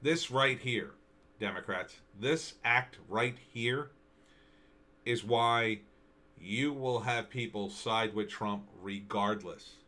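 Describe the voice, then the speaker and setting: A man giving solo political commentary on news and video clips, indignant and halting, repeating himself and restarting his sentences. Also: lowish voice, bright, forceful tone.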